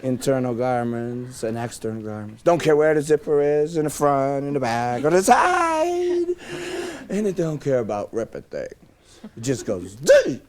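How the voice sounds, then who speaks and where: A man's voice: mid-range voice, normal speed, slight background noise. A middle-aged man presenting a live self-help seminar, joking and coaxing his audience to answer back. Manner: animated, joking, coaxing call-and-response with audience.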